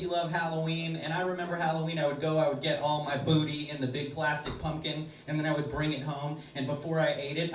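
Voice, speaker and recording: A man from Washington DC doing a stand-up comedy set, telling animated stories and acting out little voices. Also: a little high. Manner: animated storytelling with acted-out voices. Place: comedy club stage before a laughing audience. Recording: echoey room, loud background noise, from far off.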